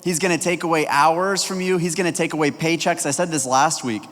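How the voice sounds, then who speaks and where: A young male youth pastor with a slightly high voice tells a story to a youth group and gets them chanting back to him. His voice rings out with a long reverb from a large indoor hall. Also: a little fast. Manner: energetic, leads the crowd in call-and-response.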